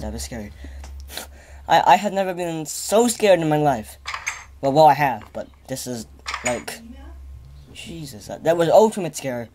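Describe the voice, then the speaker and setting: A man giving let's play commentary, stammering and repeating himself as he gets excitable. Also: fairly high pitch, measured pace, long pauses, a little hiss or hum. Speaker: gaming channel host.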